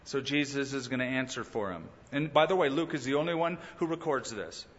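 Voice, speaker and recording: A male pastor preaching a sermon in a lively way, often acting out the people he quotes. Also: medium pitch, brisk, big-room sound, muffled recording. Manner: animated preaching that acts out quoted speakers.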